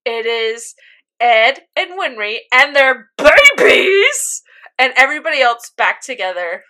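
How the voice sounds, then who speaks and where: A young woman in casual chat, animatedly retelling a story, jumping into high squeals and laughing as she voices characters. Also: animated, a little slow, bright, forceful tone. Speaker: podcast co-host recapping an anime.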